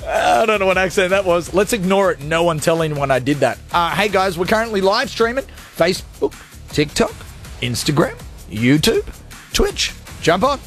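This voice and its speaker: A male radio host. His voice sits high and swings widely as he rambles through jokes at his own expense. Faint music plays behind him. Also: big pitch swings, normal speed, fairly bright tone. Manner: jokey, rambling, self-mocking. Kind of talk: energetic live radio show. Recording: studio with music underneath.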